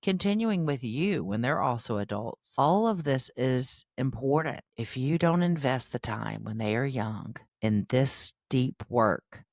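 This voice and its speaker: A woman's voice: rumbling low, no echo, studio quality. A woman hosting a parenting podcast, talking to parents in an earnest, chatty way and calling them "you guys.". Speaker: podcast host, parenting educator. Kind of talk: casual podcast talk to parents.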